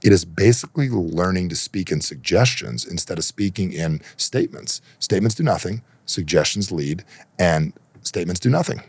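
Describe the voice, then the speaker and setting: A man coaching on human behavior as a podcast guest, emphatic and persuasive, acting out dialogue in animated raised voices. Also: low voice, normal speed, breathy edge.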